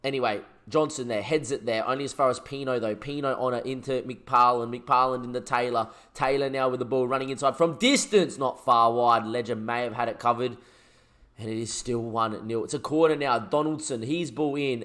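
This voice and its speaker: A man, commentating his own football management game as a let's play, shouting when goals go in. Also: medium pitch, brisk. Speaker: gaming YouTuber.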